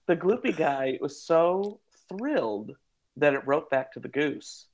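Host, gravelly voice, mid pitch, lively and playful. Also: unhurried. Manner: playful, teasing storyteller. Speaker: podcast host. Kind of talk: casual chat.

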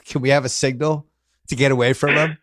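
A man's voice: medium pitch, fairly even intonation, a little fast, a bit bright, no room sound. Dry-voiced man telling loose stories. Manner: loose, rambling, joking storytelling. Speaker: podcast host. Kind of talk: casual chat.

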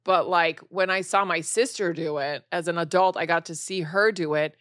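Lively, dry-voiced woman comedian. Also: on the low side, moderate pace, no echo. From raised partly in Spain. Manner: animated storytelling, acts out quoted voices. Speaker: guest comedian. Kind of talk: casual podcast chat.

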